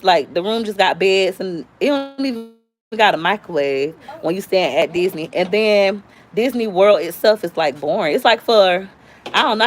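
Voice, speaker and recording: A lively woman, chatting through stories on a live stream. Her voice sits mid-range, and she jumps to squealy highs when she acts out other people. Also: a little hiss or hum. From Tampa, Florida. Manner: animated storyteller, squeals high when quoting. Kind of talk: casual storytelling chat.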